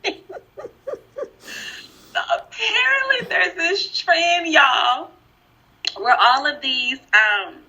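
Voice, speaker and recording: Bright, emphatic woman podcast co-host. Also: high-pitched, very slow, long pauses. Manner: animated, emphatic, laughs often. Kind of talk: casual panel discussion. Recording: dull lo-fi recording.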